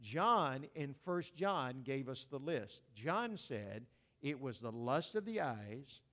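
A man's voice: mid-range voice, big pitch swings, slow pace, bright, forceful tone. A man preaching a sermon in a folksy, conversational way, talking straight to his congregation with homespun asides.

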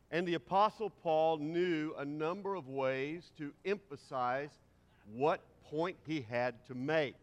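A middle-aged male pastor delivers a sermon in a church sanctuary, his slightly high voice trailing a long reverb through the hall. He leans on emphasis by slowing down, speeding up, and dropping or raising his volume. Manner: varies pace and volume for emphasis.

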